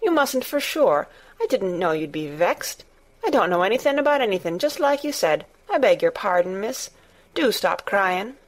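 A woman's voice: medium pitch, animated, normal speed. A woman doing a blunt young Yorkshire housemaid. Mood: pleading. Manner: blunt, homely dialect with thee and thou. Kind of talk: audiobook character voice.

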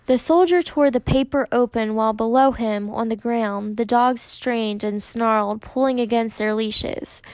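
Woman narrator, steady measured audiobook read, fairly high voice. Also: no room sound.

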